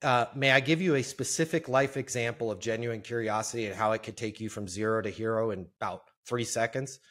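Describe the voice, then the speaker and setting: A man who is a podcast guest, telling a sales story in an animated way and acting out the quotes. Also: lowish voice, brisk. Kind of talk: storytelling interview.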